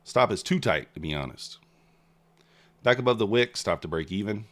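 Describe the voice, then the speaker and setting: A man's voice: fairly low pitch, lively intonation, moderate pace. Man muttering live trading commentary. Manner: frustrated muttering at the market. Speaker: day trader streaming live.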